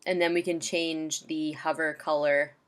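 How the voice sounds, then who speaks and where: A woman's voice: deep voice, level tone, unhurried. A woman casually walking a client through website templates in a screen-share tutorial, chatty and loose with lots of ums and likes.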